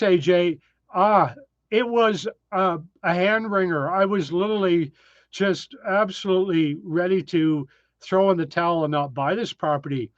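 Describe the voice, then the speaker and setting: A man's voice: high-pitched, no echo, highs cut off. Chatty man hosting a live stream. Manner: chatty, reads viewer names, frequent ums. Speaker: live-stream host reading chat. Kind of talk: casual live-stream chat. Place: tiny desert cabin, indoors.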